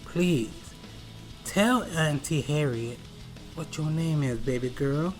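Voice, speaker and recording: Tough action heroine, calm and teasing, talked low and soft, as the narrator puts her on. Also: slow pace, faint music behind, close to an everyday voice. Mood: tender. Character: tough, cool heroine woman, sly.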